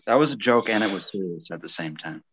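Deep-voiced dude rambling on a chill podcast, faint hiss behind. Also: male voice, expressive, fast. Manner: rambling, technical about plant breeding. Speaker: podcast host. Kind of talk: casual stoner chat.

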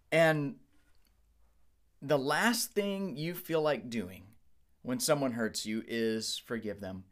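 Candid man preaching a sermon. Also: mid-range voice. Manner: candid, conversational preaching with restarts. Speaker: pastor.

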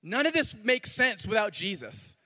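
A man preaching a sermon as pastor, animated, repeating words and swinging from loud to hushed. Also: sits high, normal speed. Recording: long hall reverb.

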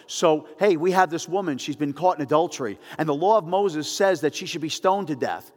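A man voicing scornful male Pharisees who taunt Jesus in a loud, rushed way during a sermon. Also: a little high, in a large hall, natural voice.

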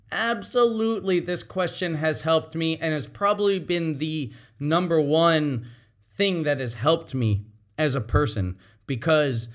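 A man's voice: on the high side, a bit bright. A man, a teacher and parent, giving a reflective talk, explaining patiently and repeating his key points.

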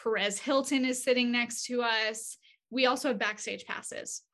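A woman guest in an interview, telling stories with a bright, forceful edge to her voice. Her pitch sits a little high. She talks casually and chattily, with lots of fillers and restarts, and acts out the voices in her anecdotes. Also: moderate pace. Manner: animated, acts out quoted dialogue. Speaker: agency CEO, interview guest. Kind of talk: casual conversational storytelling.

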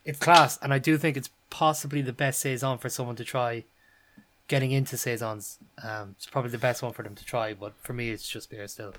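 A man's voice: medium pitch, fairly even intonation, a little fast, a bit bright. An Irish man co-hosting a beer podcast, thinking aloud hesitantly with many fillers. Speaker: podcast co-host. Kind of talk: casual chat reviewing beer.

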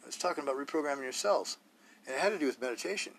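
A man's voice: mid-range voice, lively intonation, racing, a bit bright. A man hosting a solo podcast, talking bluntly and rawly in a rambling way, full of rhetorical questions. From Idaho, US. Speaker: podcast host.

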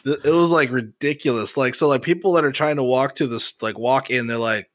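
A man in a laid-back podcast chat, rambling through stories with plenty of "uh" and "like" and laughing often. His voice sits at an ordinary middle pitch. The close mic gives a dry, dead sound. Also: fairly quick, a bit bright, no echo. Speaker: podcast host. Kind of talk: casual chat.

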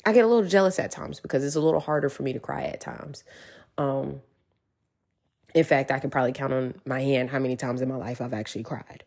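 Low gravelly woman, encouraging talk. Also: fast, darkish tone. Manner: earnest, encouraging, repeats reassurances to listeners. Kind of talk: casual motivational monologue.

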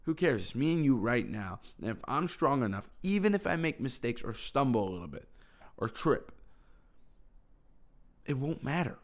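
A young man telling a personal story to camera in a casual, rambling way, full of "like". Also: medium pitch. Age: young adult. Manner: rambling, heavy use of "like". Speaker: vlogger.

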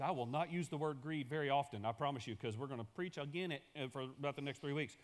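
A man's voice: mid-range voice, fast, hardly any pauses. A male pastor delivering a sermon in a church, building emphasis through repeated phrases.

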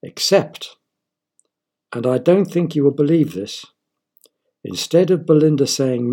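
A man's voice: medium pitch, lively intonation, unhurried, long pauses, dark tone, breathy edge. A man narrating a children's story in a playful way, often asking the listeners questions.

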